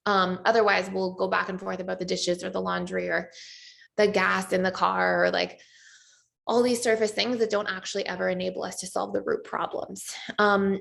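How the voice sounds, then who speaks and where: A woman's voice: mid-range voice, vocal fry, fairly bright tone. A woman teaching a relationship class as a coach, talking conversationally and acting out short quotes. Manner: conversational, with many fillers and acted-out quotes.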